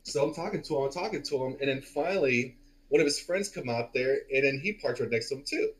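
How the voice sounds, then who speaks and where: A man in his forties spins a long story in a relaxed, meandering way. His voice sits at a middle pitch, and he swears freely and fills his pauses as he goes. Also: low-quality recording. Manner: loose, profane, rambling with many fillers. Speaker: podcast co-host. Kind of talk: casual storytelling.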